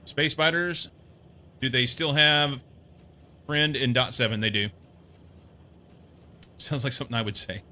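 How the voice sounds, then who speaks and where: A man's voice: mid-range voice, a little slow, long pauses, pushed and bright. A man casually commenting on his game as he plays, rambling and amused, thinking aloud. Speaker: gameplay streamer.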